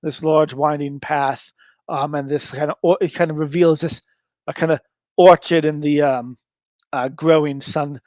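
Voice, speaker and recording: A man's voice: fairly high pitch, fairly even intonation, measured pace, a little mellow, dry recording. A man narrating a solo tabletop game in a rambling way with lots of fillers.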